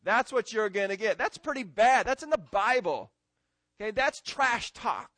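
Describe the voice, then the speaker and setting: A man's voice: high-pitched, animated, moderate pace, bright, forceful tone, no echo. A man preaching a sermon in a folksy, conversational way, often checking in with his listeners. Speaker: pastor.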